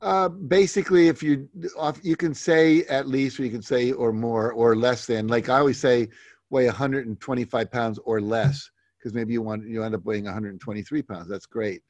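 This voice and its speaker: A man leading a live goal-setting workshop. He reads out participants' goals and comments on each in a relaxed, conversational way with many fillers. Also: mid-range voice, normal speed, dry recording.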